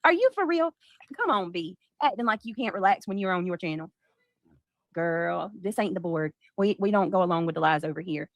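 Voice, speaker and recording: A woman's voice: on the low side, expressive, brisk, no room sound. Blunt, sarcastic woman streamer. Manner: blunt, sarcastic, swears freely. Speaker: livestreamer. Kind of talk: heated livestream argument.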